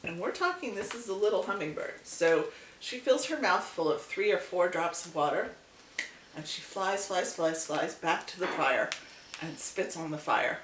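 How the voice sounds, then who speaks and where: A woman hosting her channel, telling a folk tale in a casual, animated way with chatty asides. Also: lowish voice, moderate pace. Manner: animated, repetitive storytelling with asides. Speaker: channel host and storyteller. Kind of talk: casual storytelling vlog. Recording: echoey room, distant mic, faint hiss.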